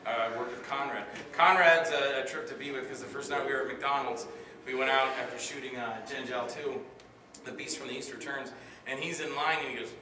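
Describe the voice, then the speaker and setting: A man's voice: mid-range voice, steady tone, a little fast, bright, forceful tone. A man telling stories about his acting work at a convention Q&A, rambling with many fillers and acting out other people's voices. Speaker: actor answering audience questions. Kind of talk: storytelling Q&A at a convention panel. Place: convention hall with audience. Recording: echoey hall, mic far off, noisy.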